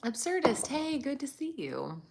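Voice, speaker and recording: A woman's voice: sits high, very animated, unhurried, creaky, background noise. A woman hosting a casual live chat, greeting viewers by name and laughing often as she talks. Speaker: livestream host.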